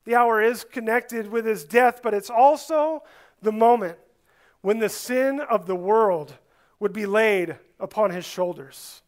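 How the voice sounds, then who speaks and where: A male pastor delivers a sermon in a notably high voice and an unhurried, deliberate pace. His delivery is earnest, swelling on emphasized words and sinking low at the close of phrases.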